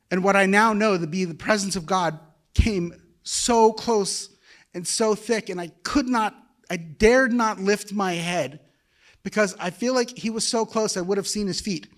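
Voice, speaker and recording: A man, telling his conversion story in a sermon, emotional and conversational. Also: sits high. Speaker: guest preacher. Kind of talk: personal testimony sermon.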